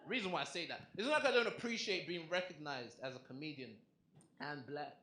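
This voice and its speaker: A young man works a comedy club crowd, chatty and animated as he fires off punchlines. His voice sits a little high. The room rings with echo, and there is a clear layer of noise around him. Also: a little fast. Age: young adult. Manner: conversational, animated punchlines, asks the crowd questions. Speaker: stand-up comedian. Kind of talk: stand-up comedy set.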